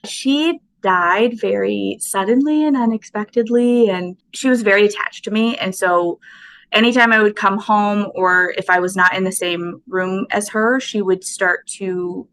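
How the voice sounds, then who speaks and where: A woman's voice: mid-range voice, measured pace, a bit bright, slight background noise, poor audio. A woman, a guest potter on an interview podcast, talking casually and thoughtfully with frequent fillers.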